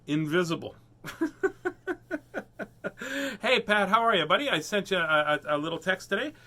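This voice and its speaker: A man's voice: high voice, animated, normal speed, sharp tone. A man hosting a children's reading stream, chatting in a goofy, sing-song way and laughing often. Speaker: host reading children's books. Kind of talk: playful live-stream chat.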